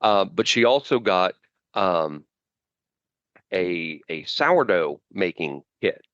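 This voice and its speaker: Podcast co-host, male, very low voice, halting chatty delivery, dry dull mic sound. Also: sing-song, fairly bright tone, dry recording. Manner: rambling, halting with many fillers and restarts. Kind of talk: casual chat.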